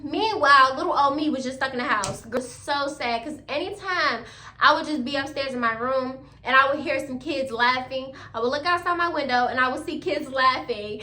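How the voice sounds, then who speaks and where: A young woman telling a story to her viewers in a chatty, animated, slangy way, laughing now and then. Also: sits high, roomy sound. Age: young adult. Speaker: storytime YouTuber. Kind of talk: casual storytelling to camera.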